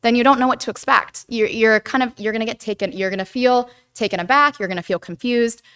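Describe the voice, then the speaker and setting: Woman teaching a group, super clear smooth voice, talky and lively, keeps saying right? and like. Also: fairly high pitch, fast. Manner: chatty, animated, says "right?" and "like" often. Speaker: guest speaker on attachment theory. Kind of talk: casual lecture to a church group.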